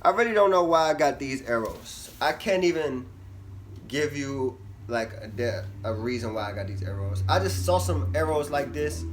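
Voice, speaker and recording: A young man vlogging casually to camera, chatty and animated, his voice swinging from loud bursts to low mumbles. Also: normal speed, slight background noise. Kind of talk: casual vlog talk to camera.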